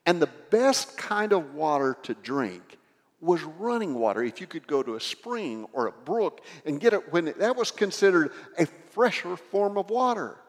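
A man preaching a sermon, explaining a scripture passage in an animated storytelling manner. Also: fairly high pitch, normal speed. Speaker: pastor. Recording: echoey hall with long reverb.

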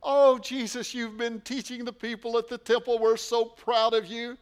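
A man's voice: very high-pitched, huge pitch swings, slow pace, a bit bright, voice pushed up, exaggerated voice. A man voicing an anxious mother who scolds her lost son, pleading and full of emotion. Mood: distressed.

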